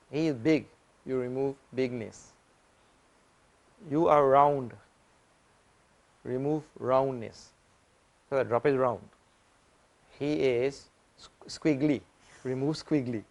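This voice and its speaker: Swami teaching patiently. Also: male voice, on the high side. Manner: patient, repetitive teaching with simple analogies. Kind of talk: spiritual lecture.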